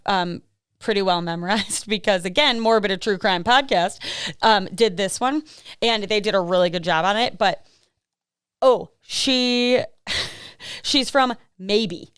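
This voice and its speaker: Chatty woman, smooth dry voice. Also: mid-range voice, a bit bright, no echo. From American Midwest. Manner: rambling and chatty, laughs often, many fillers. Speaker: podcast co-host. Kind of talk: casual true-crime chat.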